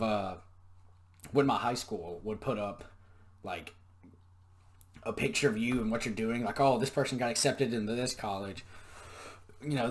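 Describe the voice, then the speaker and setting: A young man telling stories in a casual monologue, profane, sarcastic and ranting. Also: on the low side. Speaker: podcast storyteller.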